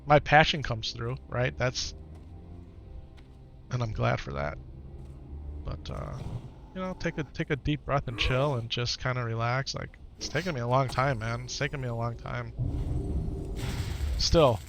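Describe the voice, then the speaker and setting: Gravelly man streaming, earnest and reflective. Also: mid-range voice, animated, unhurried, pauses often, over music. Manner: earnest, reflective, repeats phrases for emphasis. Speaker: live streamer. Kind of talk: casual chat to stream viewers.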